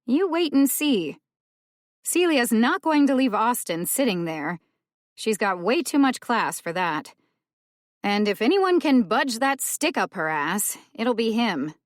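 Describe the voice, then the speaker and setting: A woman voicing a cheeky, scheming young woman who teases her older sister with a bright, high voice in an audiobook. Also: big pitch swings, unhurried, no echo, studio quality. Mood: teasing. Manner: bright, teasing, pitched high.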